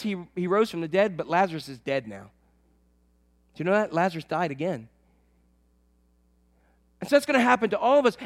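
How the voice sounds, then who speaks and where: Man, pastor, sermon, high voice, emphatic then hushed. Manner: animated, swings from loud emphatic to soft and low. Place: church.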